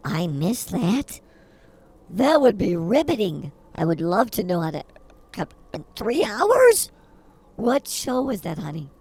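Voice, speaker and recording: A woman's voice: on the low side, very animated, unhurried, mellow, husky. A woman co-hosting a comedy podcast, feisty and mock-combative in her banter. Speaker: podcast co-host.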